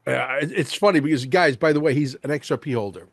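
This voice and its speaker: A male host in casual interview chat, excitable and rambling, peppering his talk with "bro" and "like". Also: medium pitch, fast, gravelly, no echo.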